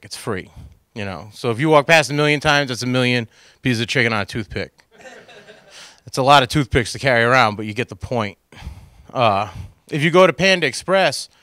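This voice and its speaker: A man performing stand-up into a handheld microphone, rambling and poking fun at himself between bits. His voice is bright and crisp, and the sound stays dry and close. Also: mid-range voice, no room sound. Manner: rambling, self-deprecating asides to the crowd. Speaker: stand-up comedian. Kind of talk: stand-up comedy routine. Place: comedy stage for a cable access show.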